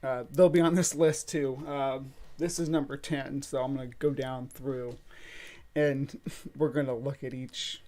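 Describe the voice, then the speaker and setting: A man hosting a casual late-night livestream from a room at home, talking in a halting, rambling way full of filler sounds. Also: mid-range voice, fairly even intonation, warm tone. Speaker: streamer hosting a late-night bug stream. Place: home room set up for streaming.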